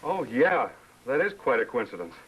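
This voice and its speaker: A man's voice: mid-range voice, sing-song, moderate pace, dull audio, close to an everyday voice. An actor playing a joking, teasing American businessman-adventurer, in 1950s TV drama style.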